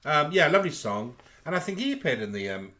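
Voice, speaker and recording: Animated man with a lively voice. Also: fairly high pitch, quick pace. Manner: animated, gossipy, theatrical. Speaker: co-host of a live chat show. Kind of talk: casual chat.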